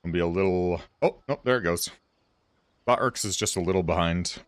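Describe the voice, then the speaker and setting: A man's voice: deep voice, a little fast, no room sound. A man streaming a game, chatting casually and rambling with his viewers. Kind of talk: casual livestream chat.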